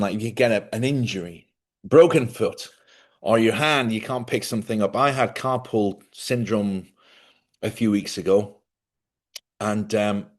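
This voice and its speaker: Chatty man hosting a livestream. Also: medium pitch. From Ireland. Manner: chatty storyteller, laughs often, acts out quoted voices. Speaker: livestream host. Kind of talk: casual monologue.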